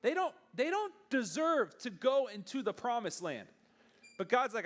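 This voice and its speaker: A man's voice: extremely high pitch, very animated, fairly bright tone. A young man, a youth pastor, giving a casual sermon to teenagers in a chatty way, often acting out bits of dialogue. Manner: conversational, acts out dialogue in quick bursts.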